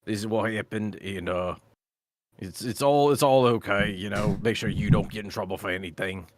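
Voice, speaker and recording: A man playing a smooth-talking male con artist posing as an official, breezy and overly polite. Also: fairly low pitch, normal speed, a little hiss or hum, close to an everyday voice. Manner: breezy and overly polite, keeps saying "mate".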